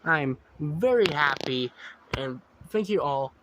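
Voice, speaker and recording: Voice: mid-range voice, expressive, slow, background noise. A vlogger ranting indignantly at viewers in a profane reaction commentary.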